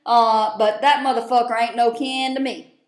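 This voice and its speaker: A woman's voice: a little high, fairly even intonation, moderate pace. A woman, recapping a TV show in a casual vlog, blunt and profane with lots of rambling fillers. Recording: roomy echo.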